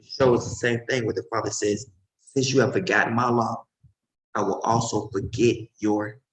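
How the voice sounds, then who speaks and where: A man's voice: steady tone, moderate pace. Emphatic male preacher in an echoey room. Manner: emphatic, swings between loud outbursts and low murmurs. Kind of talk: informal preaching. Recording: roomy echo.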